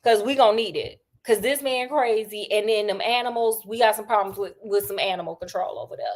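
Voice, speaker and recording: A woman's voice: medium pitch, a little fast, natural voice. A woman voicing Sherlock Holmes as a sassy, slangy, scolding detective in a casual comic retelling. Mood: urgent.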